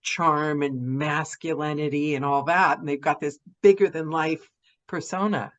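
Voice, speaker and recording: A woman's voice: deep voice, fairly even intonation, a little slow. A woman hosting a casual interview over a video call, laughing often and encouraging her guest. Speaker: podcast host.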